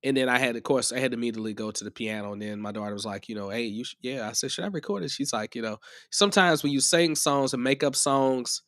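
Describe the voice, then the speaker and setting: A man's voice: medium pitch, quick pace, few pauses, fairly bright tone, no echo. Chatty man, dry close sound. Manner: rambling and chatty, often restarts. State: a bit under the weather. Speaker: music production tutor. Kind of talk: casual live-stream chat.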